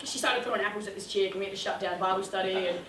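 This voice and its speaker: A young woman speaking in youth ministry tells a funny, self-mocking story to a youth audience, acting out the quotes with big jumps in her voice. Her medium-pitched voice moves very fast, picked up from a distance with roomy hall sound and a noisy background.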